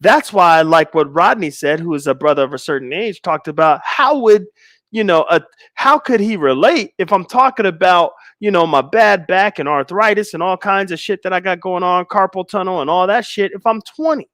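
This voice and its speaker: A man in his forties talks to his livestream audience, trading easy banter with the chat. When he makes a point, he slows down and leans hard on each phrase. His voice sits a touch high and comes through close and dry. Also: fairly bright tone, dry recording. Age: 40s. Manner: slow, emphatic stress on key lines; laid-back banter with viewers. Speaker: livestream host. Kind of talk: livestream talk, reading chat comments.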